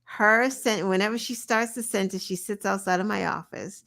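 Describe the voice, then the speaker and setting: A woman co-hosting a podcast, telling stories in a lively, animated way with swearing. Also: medium pitch, normal speed, vocal fry. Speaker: podcast co-host. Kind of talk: casual chat.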